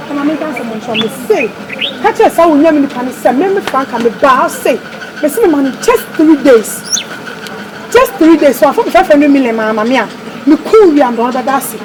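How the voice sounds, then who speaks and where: High-voiced woman complaining in a skit. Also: lively intonation, moderate pace, noisy background. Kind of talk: comedy skit dialogue.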